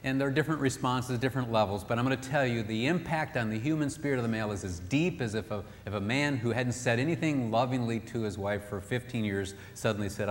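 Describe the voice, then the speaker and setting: A man with a medium-pitched voice speaks quickly with few pauses during a live marriage seminar. He tells stories, performs the voices of people he quotes, and repeats phrases emphatically. The hall is reverberant, with faint background noise.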